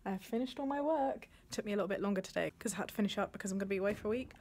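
A woman's voice: medium pitch, racing, hardly any pauses, a little mellow. A young woman chatting candidly and animatedly to camera in a casual home vlog. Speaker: vlogger. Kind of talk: casual chat. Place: home, office and kitchen indoors.

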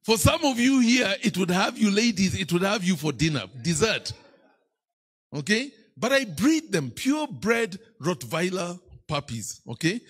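A man's voice: high-pitched, big pitch swings, measured pace, a bit bright, husky. A man with a Kenyan accent preaching a sermon as a bishop, telling playful stories and teasing the congregation. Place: church.

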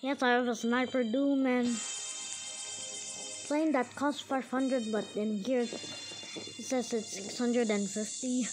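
A high-voiced woman narrates her gameplay in a slow, unhurried way. She jokes and chats to herself between bites. Game music plays clearly underneath her voice. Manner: playful, chatty, talks to herself while playing; eats and drinks on mic. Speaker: gamer. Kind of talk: casual gameplay commentary.

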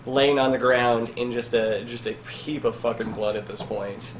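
A man's voice: medium pitch, fairly even intonation, normal speed, soft background music. A man running a tabletop game as game master, narrating with loose, vivid storytelling. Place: indoors at a LAN party. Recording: echoey noisy room.

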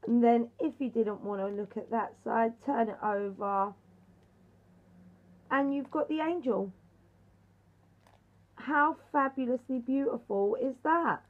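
A woman, ill and a little hoarse, excitedly unboxing craft mail in a casual vlog and gushing with thanks. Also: on the high side, slow, long pauses, phone-quality sound. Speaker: craft YouTuber.

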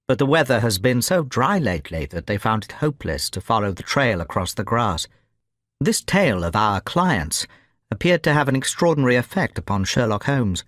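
Male storyteller, clear learner-friendly reading, varied intonation. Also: mid-range voice, a bit bright, no room sound, clean studio sound. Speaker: audiobook narrator. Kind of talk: scripted story narration.

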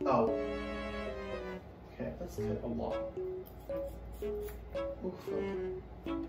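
A young man vlogging at an unhurried pace, his voice leaping wildly between low mutters and high shrieks. He swears freely and reacts with loud dramatic yelps. The sound is echoey, with music playing behind him. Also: expressive, distant mic. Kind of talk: casual self-filmed vlog.

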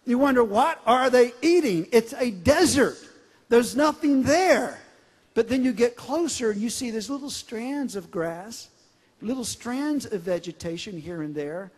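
A middle-aged man preaching a sermon, emphatic, swinging from loud declarations to quiet storytelling. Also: very high voice, animated, a little slow, slightly rough. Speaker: pastor. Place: large church sanctuary. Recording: long hall reverb.

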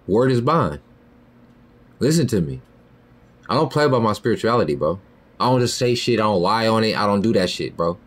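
A man hosting a podcast, delivering a heated, profane monologue that swings between loud high outbursts and low muttered lines. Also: animated, a little fast, long pauses. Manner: heated, profane, repeats "you feel me" and "bro". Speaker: podcast host.

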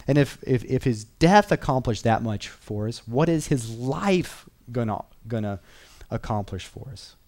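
A man's voice: mid-range voice, animated, a little slow, darkish tone. A man teaching a Bible class in an earnest, conversational way, repeating key phrases and reading verses aloud.

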